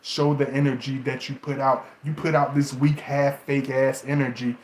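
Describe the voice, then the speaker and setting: A man giving relationship advice in a casual, animated monologue to camera, mocking and laughing often. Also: mid-range voice, moderate pace, echoey room, slight background noise.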